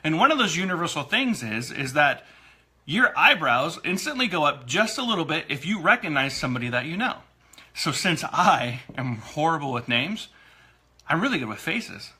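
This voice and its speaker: A man's voice: fairly high pitch, big pitch swings, normal speed, sharp tone, breathy edge. A man co-hosting a casual talk show about marriage, self-deprecating and laughing often. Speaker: co-host and producer. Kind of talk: casual chat.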